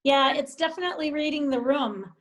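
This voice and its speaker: A woman's voice: high voice, rough recording. A middle-aged woman who coaches tennis, speaking thoughtfully as an interview guest. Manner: thoughtful, unhurried. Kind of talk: interview guest, casual talk.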